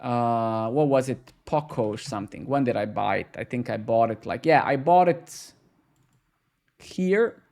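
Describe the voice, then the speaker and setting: Streaming live coding from his home desk, a man talks casually to chat in a mid-range voice, quick and excitable. He rants, jokes and swears, saying "man" and "bro" a lot.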